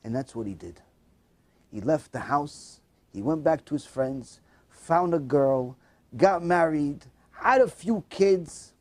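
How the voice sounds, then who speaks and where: A highly expressive man delivers a moral tale as a sermon, his higher voice swooping widely. He acts out each character with strong emotion. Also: slow. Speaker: religious storyteller. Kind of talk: storytelling sermon.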